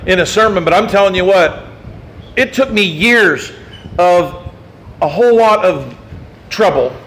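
A man's voice: high-pitched, fairly bright tone, slight background noise, poor audio. A male pastor delivering a sermon in an emphatic, folksy way, with self-deprecating asides.

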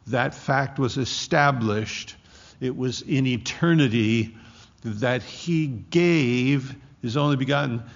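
A man preaching a sermon, explaining a Bible verse slowly and deliberately and stretching out key words for emphasis. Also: mid-range voice, creaky, fairly bright tone. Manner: slow, deliberate expository preaching with drawn-out emphasis. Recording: dull lo-fi sermon recording.

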